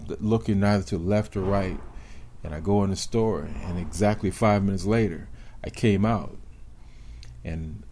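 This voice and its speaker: A man in his sixties, a former police officer, telling his own story in an interview in a measured, deliberate way with reflective pauses. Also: deep voice, dark tone.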